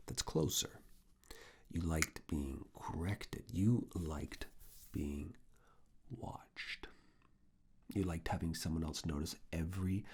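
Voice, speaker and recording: A creator in a whispered role-play as a university professor, coaxing and quietly commanding, close to the mic. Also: rumbling low. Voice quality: breathy whisper. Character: teasing university professor giving private review. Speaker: ASMR roleplay creator.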